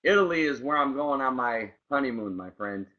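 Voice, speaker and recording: A man's voice: medium pitch, animated, a little fast, bright, forceful tone. A male co-host in casual chat who enthusiastically greets listeners by name. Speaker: podcast co-host. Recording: dull lo-fi sound.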